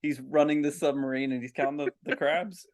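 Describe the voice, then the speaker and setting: A man co-hosting a podcast over a video call, tossing out silly ideas in an easygoing way. His voice sits high for a man. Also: steady tone, brisk. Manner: playful, riffing on absurd scenarios. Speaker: podcast co-host. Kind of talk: casual comedic chat.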